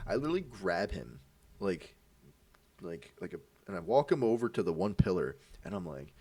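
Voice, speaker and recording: This young man in his twenties co-hosts a podcast and tells a casual story, animatedly acting out its voices and swearing freely. His low-pitched voice is brisk, recorded on a distant mic with no room sound.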